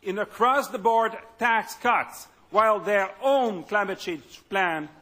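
A man's voice: high voice, takes it slowly, sharp tone. A man giving a political speech as party leader, emphatic and stumbling into repetitions at times.

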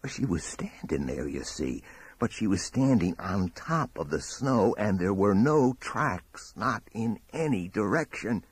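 Low husky male horror narrator. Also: sing-song, no room sound. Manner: measured, dramatic storytelling. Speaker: audiobook narrator.

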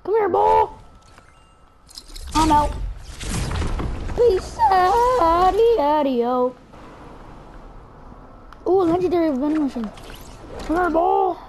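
A high-pitched woman narrates her gameplay live. She is chatty and excitable, reacts loudly to finds and threats, and keeps talking straight to her viewers. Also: slow, pauses often, noisy background. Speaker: gameplay commentator.

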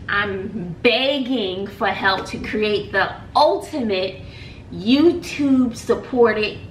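A woman's voice: medium pitch, reverberant, a little hiss or hum. A woman teacher chatting casually in a vlog, emotional and gushing, laughing often. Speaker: teacher and vlogger.

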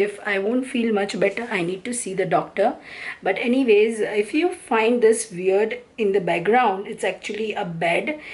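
A woman's voice: medium pitch, rough recording. A woman, chatting casually to the camera in a home vlog. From India. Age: 30s. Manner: chatty, confiding, talks to camera. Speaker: vlogger. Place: home, bathroom.

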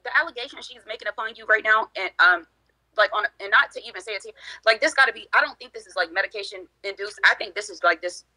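A woman's voice: medium pitch, fast, bright, forceful tone, poor audio. A woman guest on a livestream panel, talking heatedly and emphatically, with lots of filler words. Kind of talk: casual group livestream chat.

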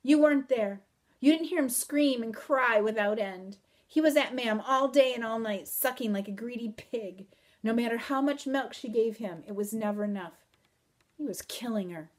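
A woman reading aloud as a stubborn, indignant peasant girl, speaking emphatically and louder than her narration. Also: on the high side, normal speed, close to an everyday voice. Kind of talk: audiobook reading.

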